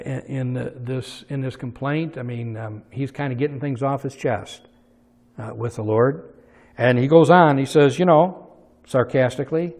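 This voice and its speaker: A man preaching a sermon, swinging from soft asides to loud, emphatic peaks as he retells a story. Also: mid-range voice, big-room sound. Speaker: pastor.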